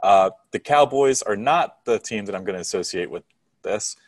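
Deep-voiced man arguing, off-mic. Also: lively intonation, normal speed, husky, no echo, recorded from a distance. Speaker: podcast co-host. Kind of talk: casual banter.

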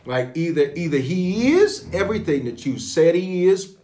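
A man, a pastor leading an online prayer hour and greeting viewers with lively call-and-response. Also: fairly high pitch, moderate pace. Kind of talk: livestream prayer hosting.

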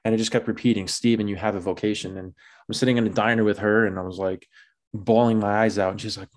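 As a guest sharing his vocation story, a young man talks fast in a fairly low, flat voice. He keeps it chatty and casual, leaning on many filler words and occasionally laughing at himself.

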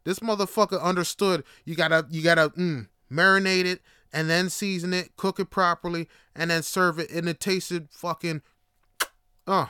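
Male host, casual storytelling, profane, excitable, smooth clear voice, dry close sound. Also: no echo. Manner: animated, profane, voice jumps high when excited. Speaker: podcast host.

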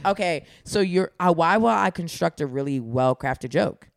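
Animated New woman comedian. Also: on the low side, normal speed, vocal fry, no echo, studio quality. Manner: animated, swears freely, acts out quoted voices. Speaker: guest comedian. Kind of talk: casual podcast chat.

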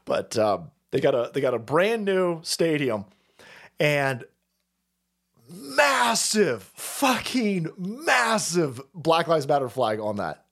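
A man from the San Francisco Bay Area ranting profanely as a streamer, mocking and swinging between muttering and yelling. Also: a little high, sing-song, slow pace. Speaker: streamer and political commentator. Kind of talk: profane political rant.

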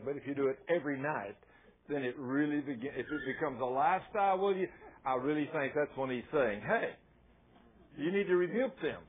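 A man preaching a folksy sermon, telling stories with self-mocking, chuckling asides. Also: medium pitch. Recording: tinny phone-like radio sound.

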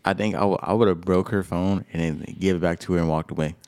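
A man co-hosting a podcast, reacting to a story with quick comments and laughter. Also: sits low, fairly even intonation, a little mellow. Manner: laughing, reacting with short interjections. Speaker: podcast co-host. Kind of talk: casual chat reacting.

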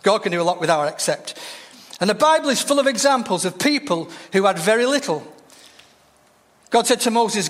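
A man with a high, light voice preaches to his church, telling stories and acting out the figures in them. His voice rings out with a long reverb, as though filling a large hall. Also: fairly quick, fairly bright tone. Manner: storytelling, voices quoted figures with shifts in pitch. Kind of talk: sermon.

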